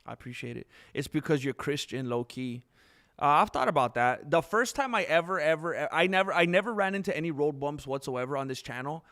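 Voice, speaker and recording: A man hosting a live stream in casual chat, rambling candidly and jumping into high, excited bursts when he thanks viewers. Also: fairly quick.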